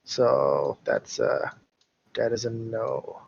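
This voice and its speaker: A man playing in an online tabletop game, easygoing and quick to laugh. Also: lowish voice, lively intonation, vocal fry, darkish tone, husky. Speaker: player. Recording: dull, lo-fi voice chat.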